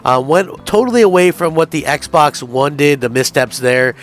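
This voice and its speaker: A man's voice: fairly high pitch, lively intonation, moderate pace. Earnest male gaming channel host. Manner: earnest, emphatic, talks to viewers directly. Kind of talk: gaming news commentary and article reading.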